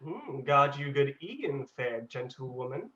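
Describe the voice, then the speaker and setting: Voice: mid-range voice, big pitch swings, unhurried, a bit bright. Actor voicing bawdy young joker, playful, mocking, muffled lo-fi sound. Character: jesting, bawdy young man. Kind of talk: virtual staged reading.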